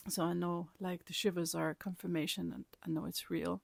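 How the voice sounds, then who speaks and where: A woman casually telling a personal story in her vlog, rambling and animated, often laughing and sometimes dropping to a whisper. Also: fairly low pitch, normal speed, creaky, few pauses, dry recording, clean studio sound. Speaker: vlogger.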